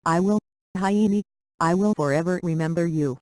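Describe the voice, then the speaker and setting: A reader voicing a grieving young man whose speech comes halting and tearful. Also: medium pitch, a little mellow, dry recording, studio quality, natural voice. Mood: heartbroken.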